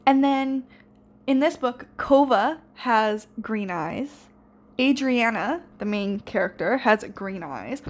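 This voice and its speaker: A seventeen-year-old girl chatting casually in a reading vlog, rambling with lots of fillers and restarts. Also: fairly high pitch. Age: teens. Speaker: book vlogger.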